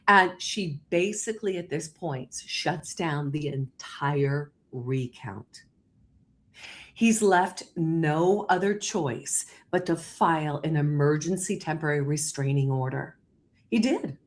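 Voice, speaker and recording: This is a woman running a live online talk show via video call. Her storytelling is quick, animated and emphatic, with pronounced leaps in pitch on the crucial details.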